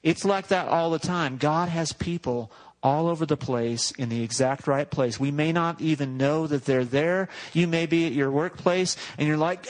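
A man's voice: on the high side, moderate pace, few pauses, rough recording. A male pastor preaching a sermon in a conversational, joking way, often correcting himself mid-sentence.

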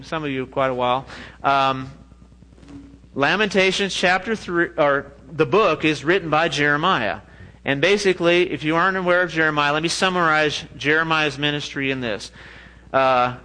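A man preaching a sermon in a lively, joking way, often laughing at his own asides. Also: on the high side, poor audio. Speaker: pastor.

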